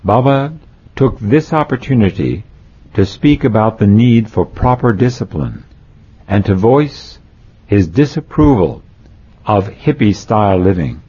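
A man slowly reading a spiritual memoir aloud, marking quotes as he goes. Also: on the low side, sing-song, warm tone, slightly rough. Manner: slow, deliberate reading, says "quote" and "end quote". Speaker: narrator. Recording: dull lo-fi recording.

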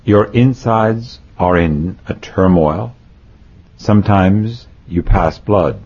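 A man reading aloud, voicing a serene, gentle male guru who speaks slowly and soothingly. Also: deep voice, husky, heavily acted. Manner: slow, soothing, measured. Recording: dull lo-fi recording.

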